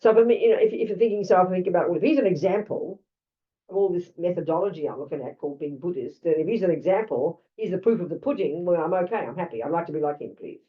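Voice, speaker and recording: Older australian woman teaching, lowish pitch, blunt, chatty asides, dull far-off mic. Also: lively intonation, racing, hardly any pauses. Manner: blunt, conversational, frequent asides. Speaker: Buddhist teacher. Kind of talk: dharma talk. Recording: lo-fi, distant mic.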